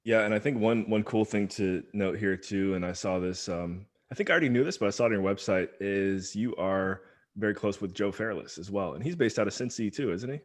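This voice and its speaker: A man's voice: on the low side, brisk. Easygoing man hosting a webinar. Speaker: webinar host.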